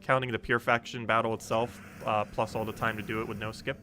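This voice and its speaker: A man's voice: fairly low pitch, little pitch movement, a little fast, pushed and bright, faint music behind. A young man streaming a game, chatting casually and rambling with many ums while he plays and answers chat. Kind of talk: casual live-stream commentary while playing.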